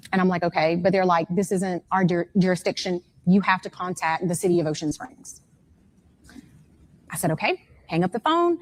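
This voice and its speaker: A mother in her forties recounts her son's disappearance to an interviewer. Her voice sits on the low side. She tells it in a lively, emotional way and slips into the voices of the people she talked to. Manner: animated storytelling that acts out the other people's words. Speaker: mother of a missing young man, interviewee. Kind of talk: emotional first-hand account in an interview.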